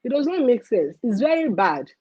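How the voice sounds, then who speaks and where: A young woman with a Nigerian accent hosting a casual livestream rant, animated and mixing in pidgin phrases. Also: on the high side, normal speed, husky, no room sound, dull audio. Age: young adult. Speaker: livestream host.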